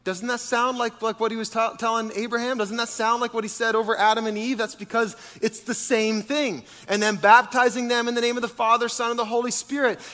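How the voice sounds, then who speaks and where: Male pastor, high pitch, animated sermon delivery, long reverb of a big room. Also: fairly quick, hardly any pauses. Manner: animated, with rhetorical questions to the congregation.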